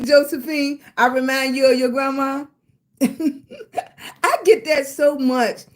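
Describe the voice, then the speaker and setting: An older woman with a Southern US accent, chatting casually on her livestream and thanking viewers by name with endearments like sweetie and baby. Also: high voice. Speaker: livestream host.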